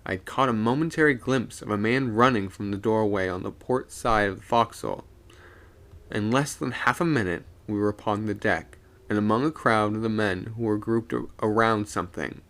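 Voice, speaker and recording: A man's voice: fairly low pitch, normal speed, a bit bright. A man streaming live, reading a ghost story aloud and voicing its characters.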